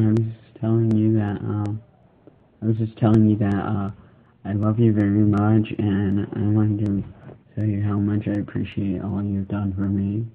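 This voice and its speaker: A young man talks in a very flat, lowish monotone, halting and repeating himself. His voice comes through narrow, phone-like audio. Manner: halting, repetitive. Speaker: son recording a message. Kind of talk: casual video message.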